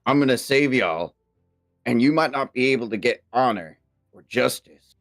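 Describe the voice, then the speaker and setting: A man with an expressive mid-range voice speaks at a moderate pace while in character for a tabletop game. He rambles, sounds flustered, and stumbles over names.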